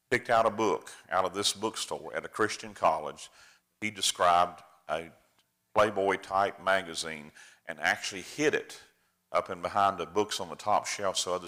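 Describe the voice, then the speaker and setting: Here a preacher, an older man, presents a slideshow to his congregation in a chatty, folksy way. His voice sits low with a sharp edge, and he tells stories as he addresses the room.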